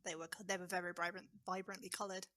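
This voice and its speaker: A woman guest on a casual podcast, talking quickly and informally with lots of "like". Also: fairly low pitch, little pitch movement, pushed and bright, no room sound.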